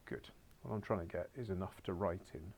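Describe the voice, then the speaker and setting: Low, gravelly man teaching a class. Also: fairly even intonation, a little fast, darkish tone. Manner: coaxing, wry asides, drops to muttered whispers. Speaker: Spanish teacher. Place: school classroom.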